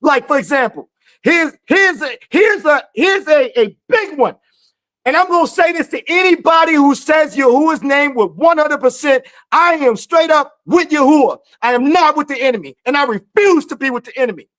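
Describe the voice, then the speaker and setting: A woman's voice: high-pitched, lively intonation, moderate pace, fairly bright tone. A woman hosting a live podcast, speaking in an impassioned, emphatic way and repeating her phrases for force. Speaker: podcast host. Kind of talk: live-stream commentary.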